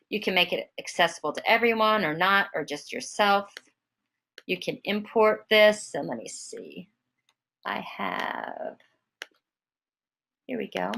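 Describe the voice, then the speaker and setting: A woman giving an online software demonstration in a casual way, with many fillers and restarts, speaking over a web call. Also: mid-range voice, rough recording. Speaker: product trainer.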